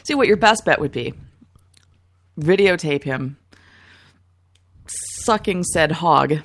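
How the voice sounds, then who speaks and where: A co-host in casual banter who laughs often and talks in quick bursts. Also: mid-range voice, lively intonation, a bit bright.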